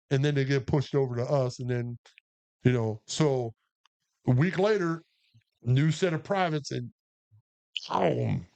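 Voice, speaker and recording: A man and army veteran co-hosting a podcast, telling a profane war story with acted-out quotes. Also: on the high side. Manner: profane, animated, acts out quotes. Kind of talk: casual storytelling.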